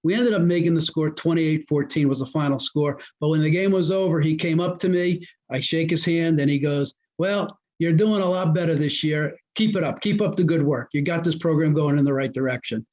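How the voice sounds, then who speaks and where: A man tells coaching stories with an animated delivery, slipping into the voices of the people he quotes. His voice sits a bit high for a man. The audio is muffled and lo-fi. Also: a little fast, few pauses. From New Jersey. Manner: animated storyteller who acts out quoted dialogue. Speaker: guest, former high school football coach. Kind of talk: casual storytelling interview.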